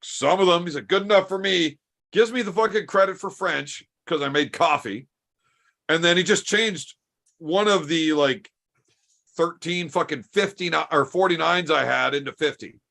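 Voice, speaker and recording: A man's voice: on the high side, moderate pace, gravelly, sharp tone. A man in his thirties telling a rowdy, profanity-laced story over beers, acting out the dialogue as he goes. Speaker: podcast host.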